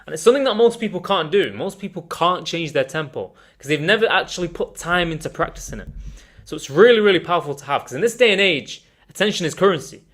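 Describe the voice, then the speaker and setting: A man teaching an online communication course in an energetic, emphatic way, calling his viewers guys. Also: a little high, quick pace. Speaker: communication coach.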